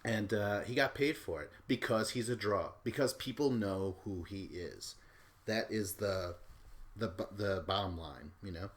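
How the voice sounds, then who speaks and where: A man's voice: on the low side, a little slow. A man hosting a podcast, rambling casually through a recap and swearing offhandedly. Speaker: podcast host.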